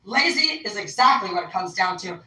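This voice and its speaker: A woman's voice: mid-range voice, very animated, a little fast, pushed and bright, rough recording. Woman ranting profanely on a livestream. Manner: profane, rambling, heated. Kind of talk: unscripted livestream rant.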